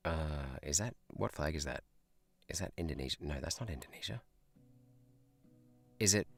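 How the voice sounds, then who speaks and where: A man's voice: extremely low pitch, expressive, moderate pace, creaky, no room sound, soft background music. A man who is a teacher, streaming a guessing game live, thinking aloud in a chatty way and laughing often. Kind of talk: live gameplay chat.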